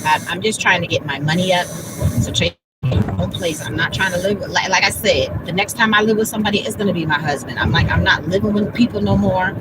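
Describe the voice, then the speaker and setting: A woman's voice: lowish voice, steady tone, brisk, very noisy. A woman, blunt and talking about herself by name in a casual livestream monologue. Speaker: vlogger.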